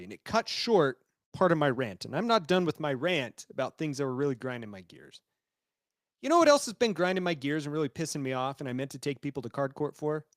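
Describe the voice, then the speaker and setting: A man's voice: on the high side, no echo, studio quality. A man co-hosting a podcast, ranting animatedly and mocking friends' voices. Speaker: podcast co-host.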